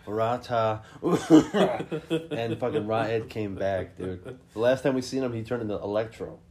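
A man co-hosting a podcast in casual, profane chat, loud and animated as he reacts to a song and laughs often. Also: lowish voice, measured pace. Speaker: podcast co-host.

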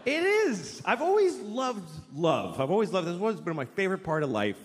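A man's voice: high-pitched, huge pitch swings, normal speed. A man doing stand-up comedy on a large stage, ranting in a profane, exasperated way. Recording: long hall reverb, faint noise.

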